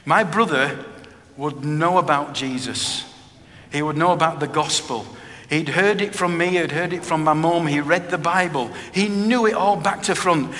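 Middle-aged male preacher, earnest and repetitive, slightly high voice in a reverberant hall. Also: moderate pace, pushed and bright. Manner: earnest, plain-spoken, with frequent repetition. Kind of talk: personal testimony sermon. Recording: reverberant hall with faint background noise.

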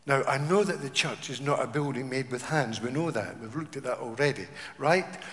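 A man preaching a sermon in a church, asking rhetorical questions and swinging from hushed tones to loud declarations. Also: mid-range voice, moderate pace. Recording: reverberant church hall.

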